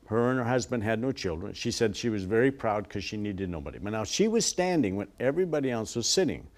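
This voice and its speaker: Guy telling a faith story on a tv interview, earnest, does the voices quietly. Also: on the low side, very animated, quick pace. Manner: earnest, acts out quoted voices softly. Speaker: guest, ministry worker.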